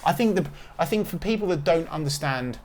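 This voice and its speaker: A man's voice: fairly high pitch, expressive, brisk, a little mellow. A man hosting a casual football podcast, talking in emphatic, confident opinions with frequent restarts. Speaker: podcast host.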